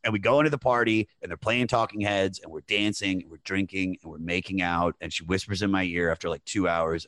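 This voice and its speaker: A comedian chatting casually on a podcast, telling a rambling, animated anecdote full of fillers. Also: male voice, low-pitched, brisk, few pauses, no room sound. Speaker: comedian guest. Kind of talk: casual storytelling chat.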